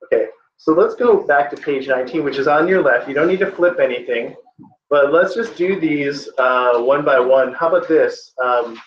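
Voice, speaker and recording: A man's voice: medium pitch, normal speed, slight background noise. A male tutor giving a casual classroom lecture, conversational and often checking in with the class. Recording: echoey classroom, distant muffled mic.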